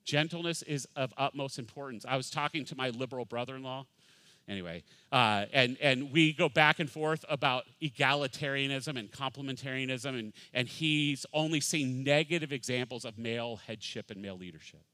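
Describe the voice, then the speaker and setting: Animated, bright-voiced preaching man. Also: mid-range voice, brisk, no room sound. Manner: animated, acts out voices, swings from loud to hushed. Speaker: pastor. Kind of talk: sermon.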